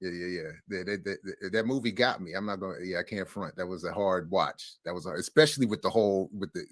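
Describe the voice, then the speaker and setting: A man's voice: low voice, fast talker, no echo. Laid-back man telling a story, dry sound. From United States. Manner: storytelling, stammering restarts, laughs through lines. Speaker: co-host. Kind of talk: casual chat.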